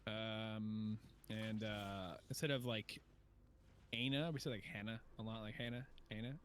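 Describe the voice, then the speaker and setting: A man's voice: fairly low pitch, steady tone, normal speed, a little hiss or hum. A man from northeastern Pennsylvania with a local accent, rambling and swearing in a casual chat as podcast co-host. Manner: rambling, swears, laughs easily. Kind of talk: casual chat while gaming.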